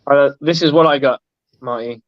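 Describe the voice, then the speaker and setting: A man's voice: mid-range voice, normal speed, no echo, muffled recording. A man hosting a casual livestream chat, joking and laughing as he talks over a video call. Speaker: host.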